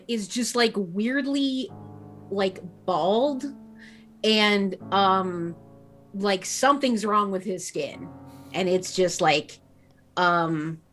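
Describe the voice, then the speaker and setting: A woman's voice: medium pitch, a bit bright. A woman narrating a tabletop game as game master, rambling with lots of fillers.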